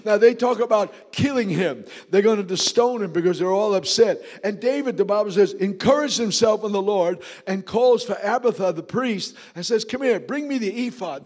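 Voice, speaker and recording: A man preaching a sermon in a church, fervent and shouting, with quick asides to the congregation. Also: high voice. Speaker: pastor.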